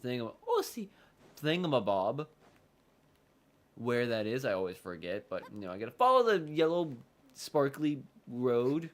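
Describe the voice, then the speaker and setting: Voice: medium pitch, sing-song, normal speed. A streamer chatting loosely over gameplay, rambling, swearing casually and trailing off mid-thought.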